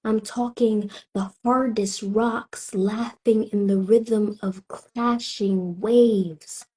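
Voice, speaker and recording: Husky, slow-spoken Southern poet woman. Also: medium pitch, steady tone, dark tone. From Tampa, Florida. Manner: slow, rhythmic delivery with weighty pauses. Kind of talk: spoken word poetry performance.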